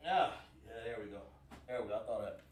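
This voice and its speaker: A man's voice: lowish voice, animated, brisk. A man teaching a livestreamed scripture class, emphatic and quizzing his online audience. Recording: roomy sound from a distant mic.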